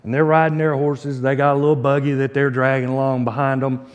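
A man, preaching a sermon as pastor and telling folksy stories with slow, emphatic delivery. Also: medium pitch, flat delivery, highs cut off. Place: church sanctuary. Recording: long church reverb.

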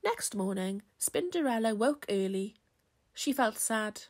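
Woman storyteller for children, unhurried, lively pitch, picture-book reading. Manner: slow, expressive.

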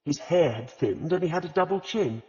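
A man narrating an audiobook in an expressive storytelling manner. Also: fairly high pitch, normal speed. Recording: reverberant, slightly dull audiobook recording.

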